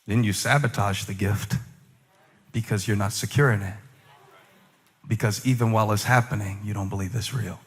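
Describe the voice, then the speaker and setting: A male pastor in his forties preaching a sermon, moving between loud preaching and quiet, low asides, confessional and self-mocking. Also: fairly even intonation, normal speed, pauses often, husky, in a large hall. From United States. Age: 40s.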